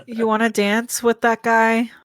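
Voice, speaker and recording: Slow-talking woman tabletop player. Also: fairly high pitch, completely flat delivery, no room sound. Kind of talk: casual tabletop play.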